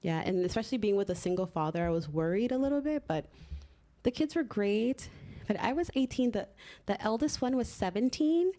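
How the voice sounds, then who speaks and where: A woman in her twenties from Miami, a podcast guest telling lively stories and laughing often. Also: medium pitch, a little fast. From Miami, Florida. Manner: laughing storyteller, lively anecdotes. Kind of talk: casual podcast chat.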